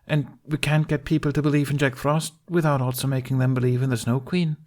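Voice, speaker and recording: A man's voice: medium pitch, level tone, brisk, a little mellow, voice pushed up, natural voice. A man reading fan fiction aloud, voicing a thoughtful young boy who reasons carefully. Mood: worried.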